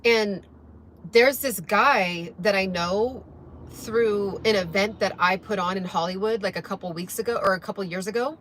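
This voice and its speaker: A young woman talks casually to her viewers, rambling from one thought to the next while she eats. Her pitch sits in a middle range. A faint hum of background noise runs under her voice. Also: normal speed, a bit bright. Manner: rambling, chatty, eating while talking. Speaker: vlogger. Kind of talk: casual chat to camera while eating.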